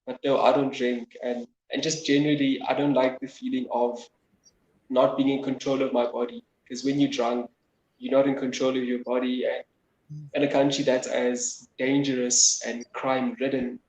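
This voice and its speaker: A man with a South African accent speaking in a measured way as a co-host guest, often repeating words while thinking. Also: mid-range voice, level tone, a little mellow, dull audio. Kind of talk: reflective personal talk. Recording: roomy call audio with faint noise.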